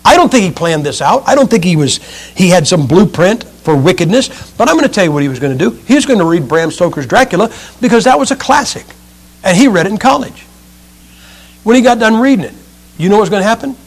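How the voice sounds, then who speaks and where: High-voiced man preaching a sermon. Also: sing-song, fast. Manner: emphatic, swings between loud and hushed.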